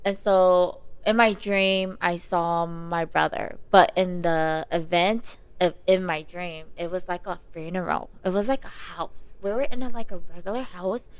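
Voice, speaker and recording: A woman's voice: lowish voice, steady tone, a little slow, few pauses, clear, resonant tone, poor audio. A young woman telling a personal dream story in casual chat, rambling with many fillers. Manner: rambling, lots of "like" and "you know". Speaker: guest.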